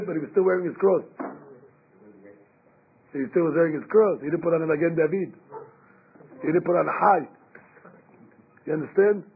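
A man giving an animated Torah sermon, emphatic and acting out quotes, with Hebrew terms mixed in, on a lo-fi phone-like recording. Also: high voice, breathy edge. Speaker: rabbi giving a Torah class.

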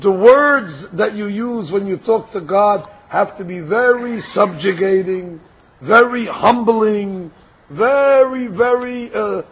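An older man giving a Torah lecture, speaking in a deliberate, explanatory way and posing rhetorical questions before answering them. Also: high-pitched, husky. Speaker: Torah teacher. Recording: dull lo-fi recording.

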